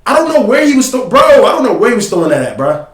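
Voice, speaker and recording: A man hosting a casual sports podcast, breaking down game film in slangy, animated talk and telling a producer when to pause and play. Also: very high-pitched, roomy sound.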